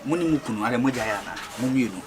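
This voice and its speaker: A man's voice: medium pitch, animated, racing, noisy background, close to an everyday voice. An actor with a Ghanaian accent playing a nosy man who teases two women.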